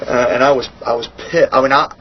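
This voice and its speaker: A middle-aged man in a shoot interview, telling a story bluntly and profanely, acting out other people's lines in a higher voice. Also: brisk, slightly rough. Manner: animated storytelling, acts out quotes with raised pitch. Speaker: interview guest. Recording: dull lo-fi sound, faint hiss.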